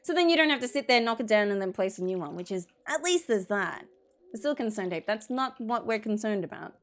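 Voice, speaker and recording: A woman's voice: medium pitch, animated, a little fast. A woman streamer giving rambling, exasperated, jokey gameplay commentary.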